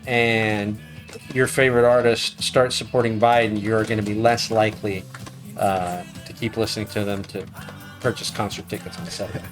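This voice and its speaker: A man's voice: on the low side, steady tone, normal speed, soft background music. A middle-aged man, a law professor guest, talking frankly and wryly in a casual interview. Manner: frank, wry, self-correcting.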